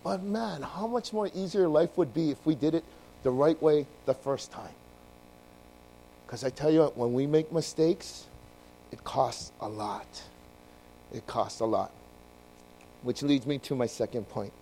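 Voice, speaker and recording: A man preaching a sermon to his congregation, telling the story in an animated way and acting out the voices. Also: on the high side, normal speed, slight background noise, rough recording. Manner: addresses congregation directly. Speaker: pastor.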